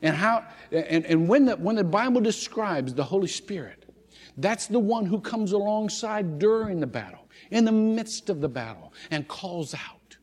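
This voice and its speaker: Fairly high-voiced guy preaching, lots of restarts, echo from a big church hall. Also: moderate pace, breathy edge. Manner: animated storytelling with frequent restarts. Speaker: pastor. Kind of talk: sermon. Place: church sanctuary. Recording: long hall reverb.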